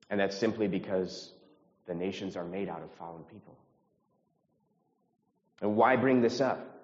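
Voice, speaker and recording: A man from the United States preaching a sermon as pastor, earnest, repeating phrases and rising in pitch when stirred. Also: darkish tone. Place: church sanctuary. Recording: reverberant hall, slightly dull sound.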